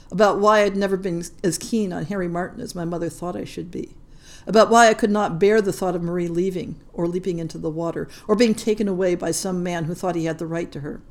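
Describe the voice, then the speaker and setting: A woman narrating a short story in a measured, gentle storytelling voice. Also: lowish voice. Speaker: podcast story reader. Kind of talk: scripted narration.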